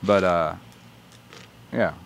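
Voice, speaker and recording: Low-voiced laid-back podcast co-host. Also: male voice, very slow, gravelly, noisy background. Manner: laid-back, joking, swears casually. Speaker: podcast co-host reading listener mail. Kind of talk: casual chat.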